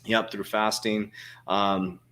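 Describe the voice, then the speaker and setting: Rambling, profane man in his forties, fairly low voice. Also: little pitch movement, slow pace, bright, forceful tone. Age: 40s. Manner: rambling, profane, frequent fillers and restarts. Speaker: crypto coach answering viewer questions. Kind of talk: casual livestream Q&A.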